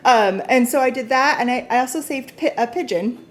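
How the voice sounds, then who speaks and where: A soft-spoken woman co-hosts a live gem sale, speaking in a notably high voice. She tells her stories in a gentle, reflective way. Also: brisk. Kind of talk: casual chat.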